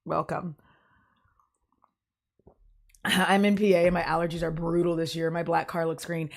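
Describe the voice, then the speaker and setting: A woman streamer, sick with a cough and a voice deepened by illness, chatting with viewers in a rambling way and laughing often. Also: little pitch movement, normal speed, creaky. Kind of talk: casual stream chat with viewers.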